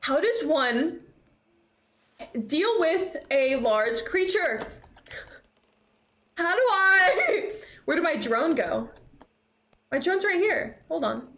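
A woman's voice: very high voice, sing-song, takes it slowly, long pauses, fairly bright tone. A young woman streaming a horror game, chatting casually, swearing and shrieking with laughter when scared. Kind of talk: casual gameplay commentary. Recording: echoey room with faint noise.

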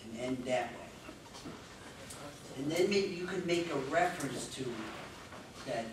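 A man giving spoken feedback as a speech evaluator, halting and searching for words. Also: fairly high pitch, lively intonation. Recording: echoey room, distant mic, noise.

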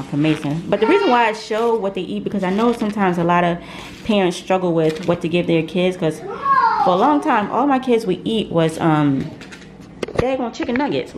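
A woman's voice: on the low side, noisy background. A young woman, chatting casually to camera in her home kitchen, laughing often and calling her viewers "y'all.". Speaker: vlogger, mother.

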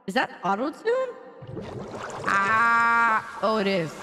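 Goofy woman streamer, lively voice. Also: a little high, slow pace, noisy background. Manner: playful, goofy, repetitive exclamations. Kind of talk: casual game-stream commentary.

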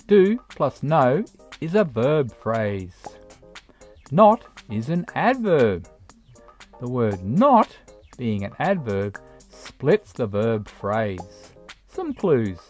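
A narrator reads a grammar lesson for English learners, spelling out each example at an unhurried pace. The intonation rises and falls in an animated way. Soft music plays quietly underneath. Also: mid-range voice. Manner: slow, deliberate explaining with read-out examples. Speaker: English teacher.

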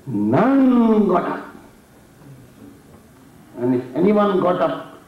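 Speaking slowly with a gravelly, fairly high voice, an Indian-accented preacher swings widely in pitch and pauses often. His sermon in a mosque hall tells a dramatic story, rising in volume for the challenges, and the distant mic makes it sound dull and full of hall echo.

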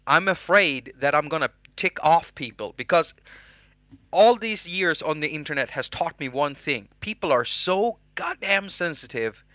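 Man, casual tutorial host, bright forceful voice, dry close sound, jokes at himself. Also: a little high, expressive, unhurried, no echo. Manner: joking, self-mocking, chatty.

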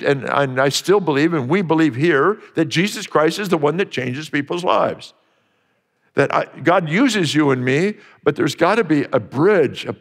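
Guy preaching, earnest, repeats himself for punch, reverb rings out in the sanctuary. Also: on the high side. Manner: earnest, repeats phrases for emphasis. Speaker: pastor. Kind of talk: sermon.

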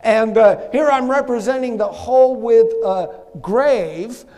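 A man's voice: extremely high pitch, slow pace, warm tone, long reverb tail. A man preaching a sermon as pastor, emphatic, calling on the congregation to answer back. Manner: emphatic, calls for congregation responses. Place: church sanctuary.

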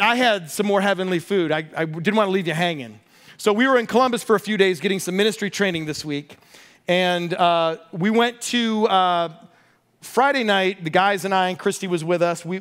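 A middle-aged man, a pastor, preaching a sermon with animated storytelling and humor. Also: sits high.

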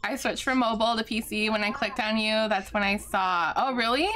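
A woman's voice: medium pitch, fairly quick, bright, forceful tone, slight background noise. A young adult woman streaming a game live, giggly and effusive as she thanks her chat.

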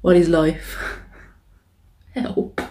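A woman's voice: on the low side, normal speed, background noise. A young woman chatting casually and swearing freely while eating on camera. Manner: chatty, sweary and self-mocking. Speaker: mukbang vlogger. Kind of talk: casual eating-show chat.

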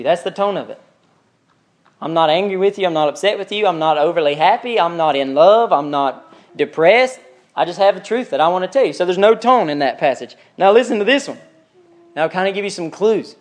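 A man with a fairly high voice teaches a church Bible study. He talks with the group, puts questions to them and leans hard into the scripture he reads aloud. It sounds like a classroom at church. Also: brisk.

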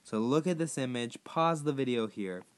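A hoarse man who has partly lost his voice, chatting casually to viewers as he plays a game and sets tasks for them. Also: mid-range voice, lively intonation, moderate pace. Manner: rambling, chatty, addressing viewers directly. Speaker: gaming YouTuber. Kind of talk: casual gameplay commentary.

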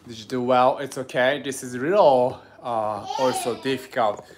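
A man with a Japanese accent leads a livestreamed sword lesson from home. He talks haltingly, with many fillers, coaching and reassuring his students. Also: mid-range voice, fairly even intonation, noisy background. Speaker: sword instructor.

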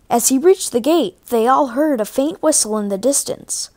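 A woman reading a children's storybook aloud, clear and even. Her voice sits a little higher than most women's. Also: moderate pace, hardly any pauses. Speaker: storybook reader.

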